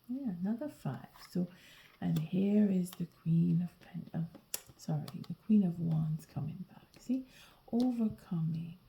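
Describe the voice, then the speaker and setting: A woman giving a whispered tarot reading late at night, sleepy and yawning, talking in a soft, halting whisper with frequent restarts. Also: lowish voice, creaky, low-quality recording. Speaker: tarot reader.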